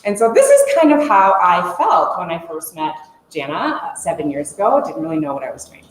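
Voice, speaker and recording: A woman in her forties telling a lively story to a conference audience, laughing as she goes. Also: on the low side, brisk. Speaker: conference speaker. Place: conference room. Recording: echoey conference room, faint hum.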